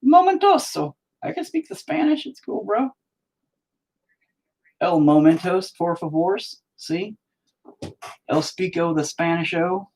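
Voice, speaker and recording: A man putting on a goofy boastful voice, faking broken Spanish in a high, playful tone. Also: big pitch swings, moderate pace, creaky, hardly any pauses, a little mellow, full character voice, poor audio.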